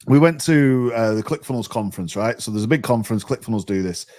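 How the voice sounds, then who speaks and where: A man, a podcast guest telling a story in a chatty, animated way, often repeating words as he restarts. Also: mid-range voice, brisk.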